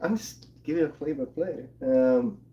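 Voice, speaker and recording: A man's voice: a little slow, highs cut off. A man casually recapping a comic book with a co-host, animatedly acting out the characters' lines. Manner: animated, acts out quotes in excited higher voices.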